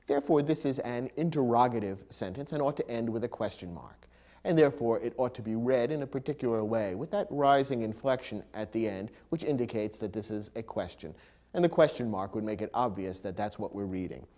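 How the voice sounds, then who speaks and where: A male instructor walks through a grammar lesson in a measured, explanatory way. His pitch swings widely as he reads out example sentences with emphasis. The recording sounds dull and lo-fi. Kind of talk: scripted educational narration.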